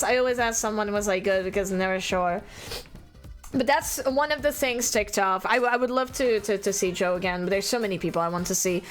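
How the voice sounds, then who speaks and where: A young adult woman streaming and chatting casually, rambling and giggling often while teary and emotional. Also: fairly high pitch. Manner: giggly, rambling, self-deprecating.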